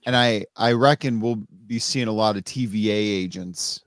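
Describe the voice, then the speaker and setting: A man's voice: lowish voice, normal speed, dry recording. A man co-hosting a podcast, making wry remarks in casual chat. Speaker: podcast co-host.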